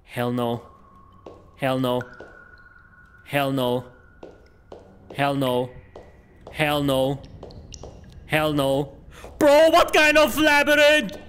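A man who is not a native English speaker, streaming a horror game with excitable, exclaiming commentary. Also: fairly high pitch, very slow, long pauses, clean tone.

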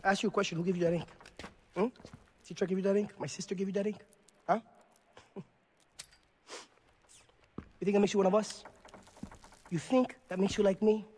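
An actor playing an unhinged, volatile male pirate warlord in a video game cutscene, mocking and menacing, swinging from soft coaxing to explosive shouting. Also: sits high, little pitch movement, brisk, pauses often, natural voice. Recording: noisy game audio with roomy reverb.

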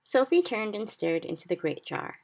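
A woman reading a children's book aloud in steady narration. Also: mid-range voice, normal speed, creaky. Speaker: reader. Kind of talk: storybook read-aloud.

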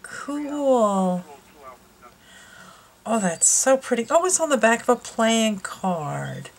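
A woman's voice: fairly high pitch, very animated, slow pace, creaky, poor audio. A woman hosting a casual craft unboxing vlog at home, gushing and exclaiming over each item. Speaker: craft channel host. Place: her home.

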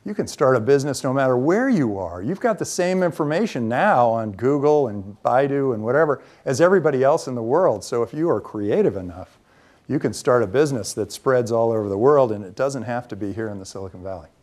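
Lively storytelling man, mid-pitched. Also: fairly quick. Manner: lively storyteller who acts out quoted dialogue; frequent ums and restarts. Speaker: venture capitalist giving a talk. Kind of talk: anecdotal lecture to students.

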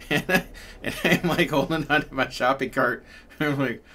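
A man's voice: medium pitch, unhurried, sharp tone, a little hiss or hum. A man telling a story casually, rambling and chatty, with lots of fillers and laughs. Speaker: pyrography channel host.

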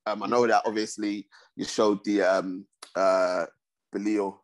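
Low-voiced man hosting a podcast. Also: level tone, a little slow. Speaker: podcast host. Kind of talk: casual podcast chat.

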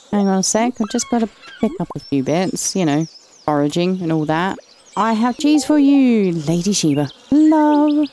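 A woman's voice: medium pitch, mellow, slight background noise. An English woman giving casual, chatty commentary while playing and reading game dialogue aloud, affectionately calling characters "lovely". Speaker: gaming channel host.

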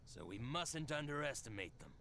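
A man's voice: mid-range voice, big pitch swings, moderate pace, over a noisy crowd. An actor playing a calculating male cult lieutenant in a video game. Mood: scheming.

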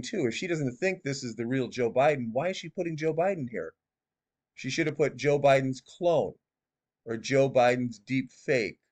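A man talks through a video in an unhurried, drawn-out way, giving casual critical commentary. He reads claims aloud and answers them with sarcastic, mocking asides. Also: mid-range voice, darkish tone.

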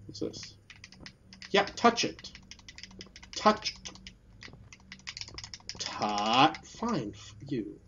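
Guy ranting and cussing through a game, slow talker, pitch all over the place, kinda dull lo-fi mic w faint hiss. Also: big pitch swings. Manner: swings from mutters and whispers to angry shouting, swears a lot. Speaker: gaming video host. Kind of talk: let's play commentary.

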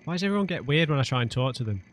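A man's voice: a little high, lively intonation, rapid-fire, slight background noise. A man, chatting casually while playing a game, with wry asides. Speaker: let's play gamer. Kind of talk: casual gameplay commentary.

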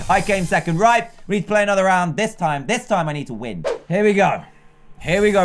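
A young British man giving excitable, chatty gameplay commentary as a YouTuber. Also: high-pitched, moderate pace, faint music behind. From Britain. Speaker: gaming YouTuber.

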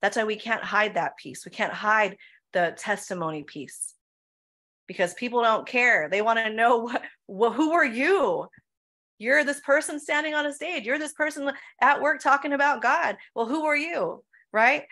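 Preaching in a church Q&A, a Filipino-heritage woman pastor speaks at normal speed in a fairly high, sharp voice. Her style leans on emphatic rhetorical questions and frequent "right?" and "come on."

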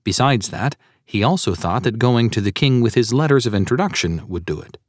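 A man's voice: mid-range voice, animated, a little fast, dry recording, clean studio sound. A man narrating a sermon audiobook in an earnest, preaching tone and citing scripture verses.

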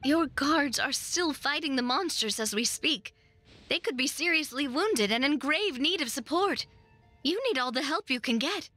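A woman's voice: sits high, lively intonation, normal speed, bright, forceful tone, no echo. A woman voicing an earnest young female monster hunter in a game, polite, composed and persuasive. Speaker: game character.

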